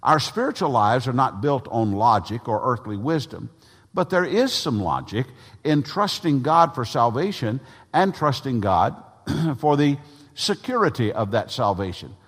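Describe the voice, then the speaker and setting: Emphatic preacher with a lively pitch. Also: male voice, unhurried. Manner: emphatic, leads congregation call-and-response; frequent throat clearing. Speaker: pastor. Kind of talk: sermon. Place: church sanctuary. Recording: long reverb of a church hall.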